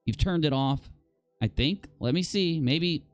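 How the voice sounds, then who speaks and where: Exasperated live-stream host reading comments. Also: male voice, a little high, expressive, a little slow, dry recording, soft background music. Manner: exasperated, incredulous, rambling with sighs and repeated exclamations. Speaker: podcast talk show host.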